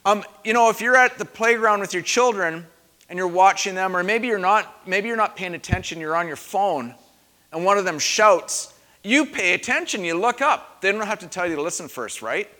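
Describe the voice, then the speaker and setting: Preacher man with a bright voice. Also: sits high, expressive, moderate pace. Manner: dramatic, varies loudness for emphasis. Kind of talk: sermon. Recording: long hall reverb.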